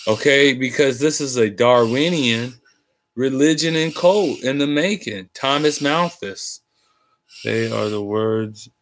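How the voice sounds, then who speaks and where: A man's voice: medium pitch, slow. A tired man talking in a casual, rambling monologue, cursing freely and using street slang. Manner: profane, meandering, street slang. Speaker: host.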